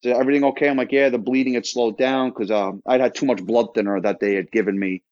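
A man's voice: mid-range voice, fairly even intonation, fast, a little mellow, no echo, lo-fi sound. A man in his thirties from Florida, a podcast guest telling his story in a casual, rambling way full of restarts and quoted dialogue. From Florida, United States.

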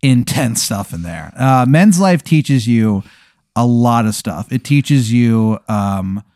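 A man narrating an improvised tabletop game as game master, with a deadpan, rambling delivery full of ums and likes. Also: medium pitch, takes it slowly, no echo, studio quality.

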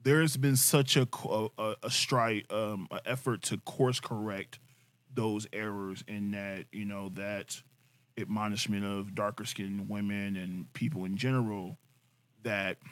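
A man's voice: on the low side, fairly even intonation, unhurried. A man co-hosting a podcast, asking probing questions and joking in casual chat. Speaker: podcast co-host.

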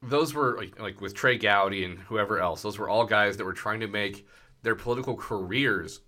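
A man's voice: lowish voice, normal speed, sharp tone. A man co-hosting a podcast, rambling through casual political chat in a sardonic way with many restarts. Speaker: podcast co-host.

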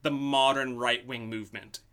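Bright-voiced man telling odd lore. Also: mid-range voice, steady tone, normal speed, clean tone. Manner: rambling storyteller with many ums. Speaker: podcast host. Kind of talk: casual podcast chat.

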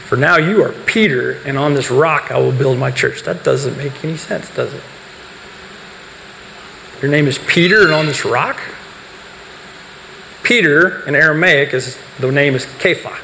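A man's voice: fairly high pitch, unhurried, creaky, pauses often, pushed and bright. A man gives a talk to a youth group, explaining points and putting questions to the listeners, then answering them himself. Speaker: speaker teaching a youth group. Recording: reverberant hall, faint background noise.

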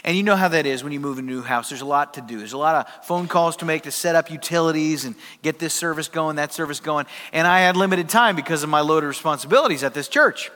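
A middle-aged man, a pastor preaching a sermon and telling a lively story to his congregation. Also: fairly high pitch, fast, hardly any pauses. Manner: animated, acts out voices in a story, laughs with the congregation. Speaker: worship pastor. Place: large church hall. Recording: reverberant church hall.

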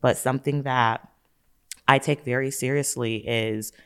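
A man's voice: medium pitch, fairly even intonation, measured pace, a bit bright, clear, resonant tone. A man co-hosting a faith chat who tells his story earnestly, in long runs. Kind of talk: casual faith testimony.

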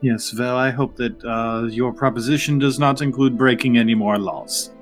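A man's voice: mid-range voice, fairly even intonation, normal speed, faint music behind, lightly acted. A man voicing a flustered, formal fae law student roommate, a young woman, speaking stiffly and over-politely. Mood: prim, formal.

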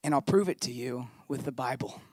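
A man's voice: mid-range voice, fairly quick, dry recording, studio quality. A man, a pastor preaching a sermon in a conversational, storytelling way.

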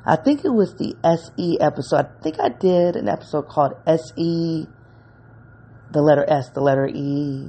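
A podcast host giving a reflective solo monologue, emotional and halting, often stopping to search for words and correct themselves. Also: medium pitch, vocal fry, mellow, breathy edge.

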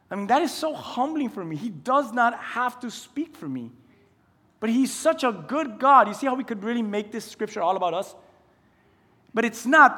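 A man preaches from the pulpit in a conversational way, putting question after question to his congregation. His voice sits fairly high for a man. The sound carries a long reverb from a large church hall. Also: a bit bright. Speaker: pastor. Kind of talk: sermon.

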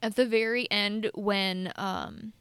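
A woman's voice: medium pitch, fairly even intonation, slow, fairly bright tone, smooth, no echo. A young woman co-hosting a podcast, telling stories in a rambling, self-deprecating way. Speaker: podcast co-host. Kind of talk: casual chat.

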